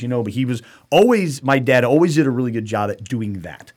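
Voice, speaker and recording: A man's voice: medium pitch, fast, few pauses. A middle-aged man hosting a casual podcast chat, blunt and profane, often slipping into quoted voices of other people. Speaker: podcast host.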